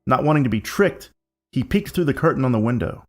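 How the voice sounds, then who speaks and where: A man narrating a scripted horror story in a measured, suspense-building way. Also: mid-range voice, lively intonation.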